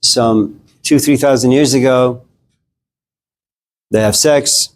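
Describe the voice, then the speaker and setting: A man's voice: medium pitch, fairly even intonation, takes it slowly, a little hiss or hum. Joking, conversational male lecturer. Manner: conversational, joking, addresses the class directly. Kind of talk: casual classroom lecture.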